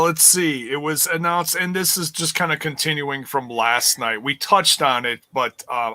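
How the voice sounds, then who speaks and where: A man's voice: medium pitch, pushed and bright, no room sound. A man co-hosting a casual wrestling podcast, reading out the news in a rambling way with many fillers.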